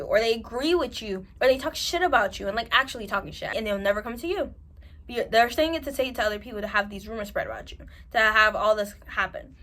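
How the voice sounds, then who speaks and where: A woman's voice: on the high side, fairly bright tone. A woman with a New York accent giving candid, emphatic advice straight to camera and repeating her points for stress. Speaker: advice vlogger.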